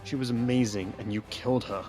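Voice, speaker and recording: A man voicing a male time traveller, energetic and guilt-ridden, speaking briskly in an audiobook reading. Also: medium pitch, soft background music, natural voice.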